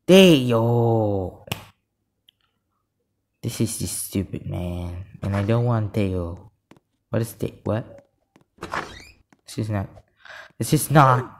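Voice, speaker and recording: Slow-talking man ranting over gameplay. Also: lowish voice, gravelly. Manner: excitable, frustrated, keeps saying "literally". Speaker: gaming video creator. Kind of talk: live gameplay commentary.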